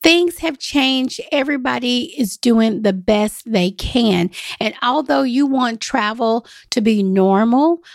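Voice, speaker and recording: A woman hosting a travel podcast in a lively, emphatic, chatty way. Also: fairly high pitch, vocal fry, dry recording, studio quality. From United States. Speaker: podcast host and travel agent. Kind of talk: solo podcast talk.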